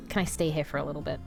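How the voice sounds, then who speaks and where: A woman's voice: sits low, creaky. A woman streaming a video game, reading its dialogue aloud and swearing at the screen. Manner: profane, loud outbursts at the screen. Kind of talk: casual game stream commentary.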